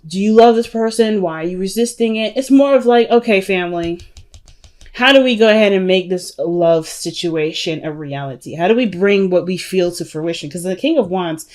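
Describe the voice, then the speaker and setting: A woman's voice: lowish voice, normal speed, darkish tone. A woman giving a casual tarot reading to her viewers, chatty and emphatic, calling them family and y'all. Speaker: tarot reader.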